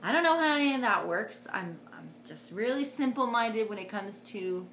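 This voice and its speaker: A young woman vlogger casually telling a personal story to camera, chatty and animated, acting out what others said with sudden jumps in pitch. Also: moderate pace, roomy sound, a little hiss or hum.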